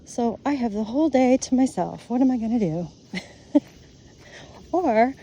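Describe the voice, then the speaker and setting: A woman's voice: on the high side, animated, a little slow, warm tone, a little hiss or hum. A middle-aged woman in a blunt, profane, ranting casual monologue, filmed on her phone while walking outdoors. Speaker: vlogger. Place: outdoors on a nature walk.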